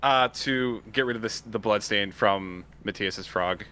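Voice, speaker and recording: A man at a tabletop game talks through his character's actions, halting and pausing as he goes. His voice is fairly low with a bright, forceful edge. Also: smooth. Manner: halting, describing actions step by step. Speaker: player. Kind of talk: casual tabletop play.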